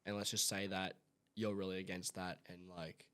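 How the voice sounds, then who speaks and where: A man's voice: deep voice, little pitch movement, moderate pace, fairly bright tone, clear, resonant tone. Rambling young man. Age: young adult. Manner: rambling, searching for words with many restarts. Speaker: son of the host. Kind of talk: casual family podcast chat.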